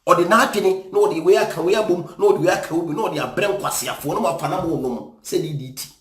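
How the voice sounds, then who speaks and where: A man's voice: sits high, fairly quick, echoey room. A man with a Ghanaian accent, an evangelist, angrily ranting and insulting people in scornful commentary. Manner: scornful, insulting, mixes English and Twi.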